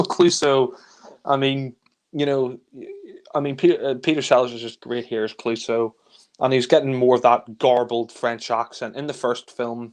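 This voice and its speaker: Flat-toned man recapping films. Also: mid-range voice. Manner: rambling, loose plot recap. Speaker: film reviewer. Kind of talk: casual film review chat.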